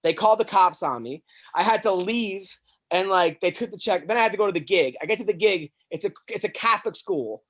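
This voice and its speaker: Talking a little fast in a high-pitched voice, a stand-up comic on his own podcast launches into a sprawling, profane story. Animated and casual, he keeps stammering and backing up to restart his sentences.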